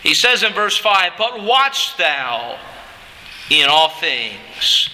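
A man pastor preaching an emphatic sermon that builds at times to shouting. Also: on the high side, big pitch swings, very slow, long reverb tail, low-quality recording.

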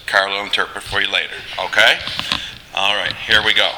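A man preaching a sermon in a measured, earnest way, turning to address listeners directly. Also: on the low side, level tone, bright, forceful tone, in a large hall, low-quality recording.

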